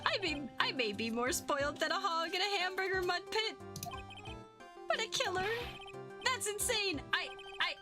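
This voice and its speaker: A woman voicing a panicked young magician who is a country boy at heart, pleading in a high, quavering put-on Southern accent. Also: expressive, moderate pace, music in the background.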